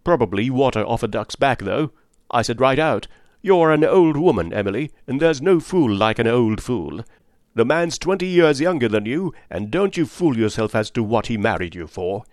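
A man voicing a brusque, blunt middle-aged spinster who speaks in curt, forceful bursts. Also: medium pitch, animated, normal speed, no echo, studio quality, natural voice. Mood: indignant.

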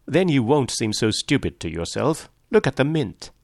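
A man's voice: sing-song, normal speed, creaky, darkish tone, no echo, studio quality. A man reading a story aloud, voicing an anxious young woman who pleads with the others. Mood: pleading. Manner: pleading, higher voice.

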